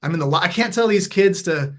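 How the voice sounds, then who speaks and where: A veteran turned mindfulness coach, appearing as a podcast guest, speaks briskly in a high-sitting voice. He shares a candid personal story earnestly and reflectively, often restarting his phrases, and grows animated when acting out past moments.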